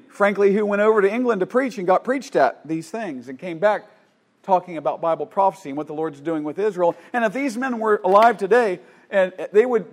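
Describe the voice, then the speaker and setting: A man preaching a sermon, fervent, swinging between loud declarations and quiet asides, with frequent restarts. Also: high-pitched. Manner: fervent, rising and falling, with many restarts.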